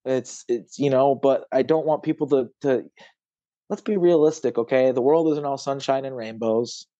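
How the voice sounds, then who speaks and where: A podcast guest on the verge of tears speaks emotionally in a medium-pitched, dark-toned voice at normal speed, rambling with many fillers and occasionally swearing. The recording is muffled but has no echo.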